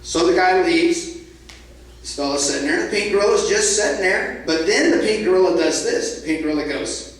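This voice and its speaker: Male storyteller, higher voice, playful with sound effects, echoey hall, mic set back. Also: lively intonation, a little fast, far from the mic. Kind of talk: live storytelling to a family audience. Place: event hall with live audience.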